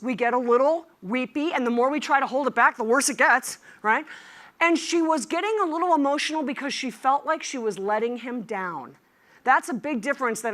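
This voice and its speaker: Woman keynote speaker, high voice, bright and forceful, animated, teasing the crowd. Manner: lively and animated, humorous asides to the audience. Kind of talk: conference keynote speech.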